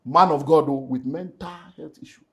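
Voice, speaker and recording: With a crowd audible in the background, a middle-aged Nigerian pastor and relationship speaker recounts an emotional personal testimony in an interview. His voice leans high and his speed is normal, and he tells it in a lively way, slipping into Nigerian Pidgin and moving between loud and hushed.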